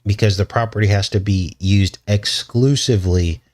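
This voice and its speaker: Guy with a lowish voice rambling through stories, cracking jokes, chuckling along. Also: steady tone, moderate pace, a little mellow. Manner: rambling, joking, chuckles between points. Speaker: channel host. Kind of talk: casual commentary show.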